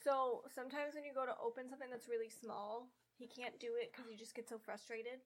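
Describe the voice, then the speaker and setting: A woman's voice: fairly high pitch, level tone, fast. A woman guest on a casual podcast, speaking mildly and matter-of-factly. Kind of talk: casual chat.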